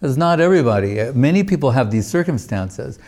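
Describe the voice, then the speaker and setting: A man's voice: medium pitch, sing-song, fairly quick, a little mellow. A man giving a religious class, telling a story in a loose, digressive way with lots of casual filler phrases. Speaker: spiritual teacher giving a class.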